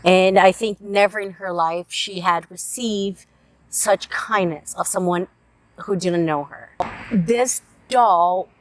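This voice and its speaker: A woman's voice: medium pitch, no echo. Earnest woman reviewing picture books. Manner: earnest, emotional, tearful at moments. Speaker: book reviewer. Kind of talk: casual book review vlog.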